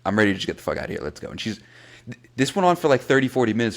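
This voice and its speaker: A man from South Florida, a podcast co-host, telling a profane, animated story and acting out what people said. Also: medium pitch, racing. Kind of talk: casual chat.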